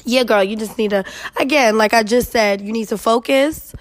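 A young woman with a slightly high voice hosts an advice podcast, reading listener emails and replying at a normal speed. She's blunt, animated and scolding, swearing freely as she speaks directly to each letter writer.

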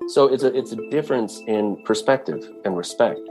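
A man's voice: mid-range voice, normal speed, dark tone, soft background music. A man speaking earnestly in a conversational way about culture, with frequent restarts. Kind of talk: casual talk.

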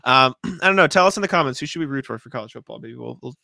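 A man with a bright voice chats loosely on a sports podcast. He recorded close in a dry, dead space, with no room echo, and he keeps things relaxed, chuckling and trailing off into "like". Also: medium pitch, rapid-fire, gravelly. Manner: easygoing, laughs often, hedges with "like". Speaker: podcast co-host. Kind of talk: casual sports podcast chat.

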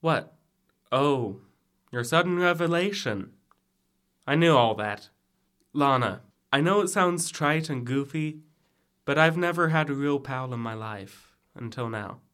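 A man's voice: mid-range voice, lively intonation, measured pace, a bit bright. Young guy doing a sarcastic frat brother, dry jokes, student radio play. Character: wry young male frat brother Jimmy. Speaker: student actor in audio drama. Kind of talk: college audio theater acting.

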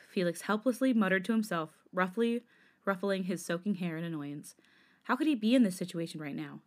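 A woman podcast host reading fan fiction aloud in an expressive, dramatic way. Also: lowish voice.

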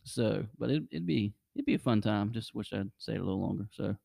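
A man's voice: fairly low pitch, animated, fairly quick, vocal fry, mellow, dry recording, studio quality. A man hosting a podcast, rambling casually through travel stories and chuckling often. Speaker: podcast host. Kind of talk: casual chat.

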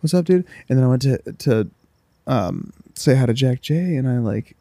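A man's voice: mid-range voice, normal speed, vocal fry, dark tone, no echo. A young man on a casual podcast, telling a story loosely with swearing and lots of restarts. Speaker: podcast co-host. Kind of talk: casual chat.

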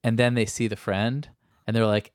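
Low-voiced male reporter, casual and rambling. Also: level tone, moderate pace, no echo, clean studio sound. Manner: rambling, self-deprecating, many fillers. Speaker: reporter, podcast guest. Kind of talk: casual interview chat.

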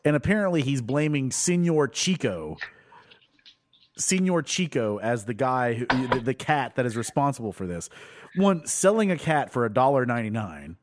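Lively, profane male podcast host. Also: medium pitch, a little fast. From Tulsa, Oklahoma. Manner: animated, profane, laughing storyteller. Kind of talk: casual chat.

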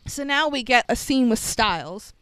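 A woman's voice: fairly high pitch, lively intonation, moderate pace, fairly bright tone, smooth, no echo. A woman casually recapping a movie plot in a wry, chatty way, laughing often. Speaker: podcast co-host.

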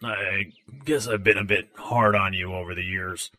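A man's voice: deep voice, fairly even intonation, moderate pace, bright, forceful tone. An actor voicing a grumpy male robot who speaks grudgingly and sarcastically.

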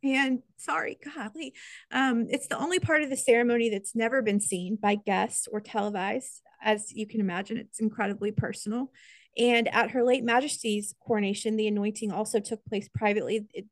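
A woman's voice: mid-range voice, fairly even intonation, fairly quick, no echo. American woman co-host, casual and sincere, dry close mic. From United States. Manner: chatty, earnest, gets emotional. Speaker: podcast co-host. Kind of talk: casual podcast chat.

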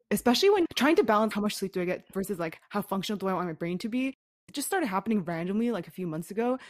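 A woman's voice: mid-range voice, dry recording, studio quality. A woman co-hosting a casual podcast, talking bluntly and swearing often. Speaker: podcast co-host. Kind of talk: candid casual podcast chat.

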